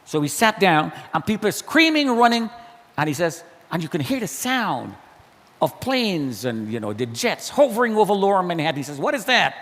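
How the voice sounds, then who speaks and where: A man tells his story in a church hall, his high voice leaping up and down as he acts out the people he met. His words ring with a long reverb, over a faint hiss. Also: fast. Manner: animated, acts out dialogue with shifting pitch. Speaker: guest speaker sharing testimony. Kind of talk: storytelling testimony. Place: church auditorium.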